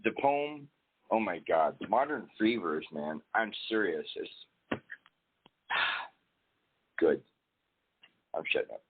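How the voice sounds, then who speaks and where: A man's voice: low voice, big pitch swings, takes it slowly, long pauses, a little hiss or hum. A man chatting on a live internet radio show, laughing a lot and throwing in exclamations. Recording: tinny phone-like line.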